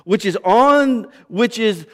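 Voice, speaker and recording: A man preaching a sermon as pastor, swinging from loud emphasis to hushed, low passages. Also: expressive, slow pace, big-room sound.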